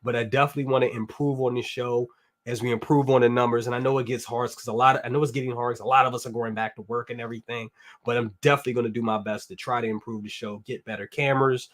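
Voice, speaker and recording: A man's voice: medium pitch, fairly even intonation, quick pace. A man hosting a toy review live stream, rambling in an upbeat, slangy way and reading out viewer comments. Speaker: toy review show host. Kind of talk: casual live-stream chat.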